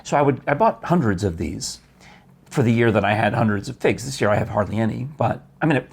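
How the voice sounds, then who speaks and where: A man's voice: fairly low pitch, expressive, a little fast, gravelly, breathy edge. A man hosting a casual talk show, telling stories in a chatty, enthusiastic way with many restarts. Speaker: host. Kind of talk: casual chat.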